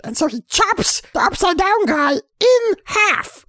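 A woman with a high, bright voice recaps a horror film in a rambling, goofy way, jumping into silly character voices and sound effects. The sound is close and dry. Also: very animated, a little slow, hardly any pauses, no echo. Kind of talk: comedic retelling with silly voices.

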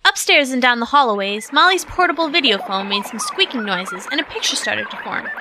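A woman narrating an audio drama in a smooth storytelling manner. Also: a little high, lively intonation, a little fast, noisy background.

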